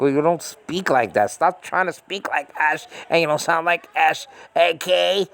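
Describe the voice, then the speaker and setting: A man's voice: on the high side, moderate pace, creaky, few pauses, a bit bright. Exasperated American man ranting. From United States. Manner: exasperated, repetitive, lots of fillers and restarts. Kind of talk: casual ranting monologue. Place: small room at home.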